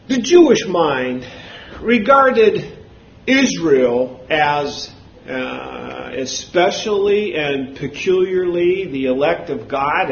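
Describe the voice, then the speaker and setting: Slow, high-voiced preacher, booming and hushed. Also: male voice, slight background noise. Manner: swings from booming shouts to low murmurs. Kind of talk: sermon. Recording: roomy, dull hall recording.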